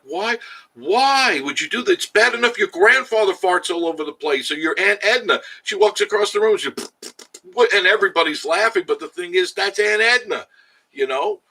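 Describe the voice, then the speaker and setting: The man's high voice is pushed and bright, slightly rough. He hosts a casual outdoor live stream in the Smoky Mountains, chatty and jokey, laughing often and talking to viewers by name.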